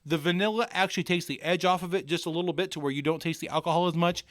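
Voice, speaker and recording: A man co-hosting a casual podcast, talking crudely and excitably in loose, rambling banter. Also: on the high side, racing, dry recording, studio quality. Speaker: podcast co-host.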